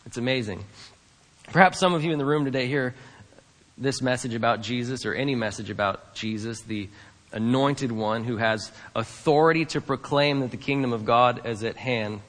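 A man's voice: medium pitch, a bit bright. A male pastor preaching a sermon in a church, earnest and emphatic, repeating key lines for weight. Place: church sanctuary. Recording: long hall reverb.

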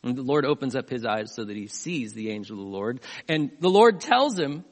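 A man pastor delivering a sermon, retelling a scripture story in an animated way, with asides to the congregation. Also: medium pitch, brisk, hardly any pauses. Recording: long hall reverb.

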